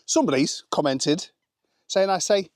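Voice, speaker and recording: A man's voice: sits high, expressive, moderate pace, no room sound, studio quality. A man vlogging casually outdoors on a rural smallholding, rambling and self-deprecating, with lots of "um" and "anyway" fillers. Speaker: vlogger sharing family life abroad. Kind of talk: casual chatty vlog.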